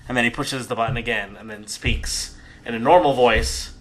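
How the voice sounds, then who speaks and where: A man narrating a tabletop game as game master in a relaxed, conversational way. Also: mid-range voice, normal speed, a little hiss or hum, low-quality recording.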